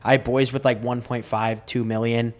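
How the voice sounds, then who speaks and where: A man's voice: medium pitch, little pitch movement, moderate pace. Laid-back young man, swearing guest. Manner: laid-back, swears often, laughs a lot. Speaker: podcast guest. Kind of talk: casual chat.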